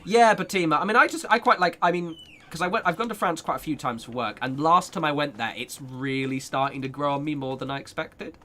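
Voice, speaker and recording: Young male streamer: bright, forceful voice, rambling and chatty, swears often; faint background noise. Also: on the high side, fairly quick. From United Kingdom. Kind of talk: casual chat while gaming.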